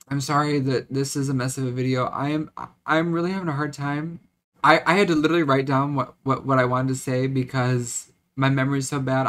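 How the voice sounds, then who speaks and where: A man's voice: mid-range voice, fairly bright tone. A young man in his twenties venting in a confessional vlog, rambling, choked up and close to tears, with frequent restarts. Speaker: vlogger.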